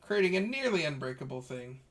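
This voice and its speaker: A man's voice: a little high, a little fast. Laid-back male game master narrating. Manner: relaxed storytelling with fillers and restarts.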